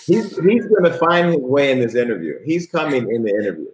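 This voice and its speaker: Relaxed male host in a roomy space. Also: mid-range voice, a crowd in the background. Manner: relaxed, quick to laugh. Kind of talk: casual interview chat. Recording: roomy echo.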